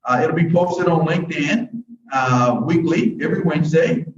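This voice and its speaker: A man's voice: fairly high pitch, normal speed, noisy background. A man telling motivational stories as an interview guest, with a folksy, preacher-like cadence and many restarts. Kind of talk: motivational storytelling. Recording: echoey, distant, dull audio.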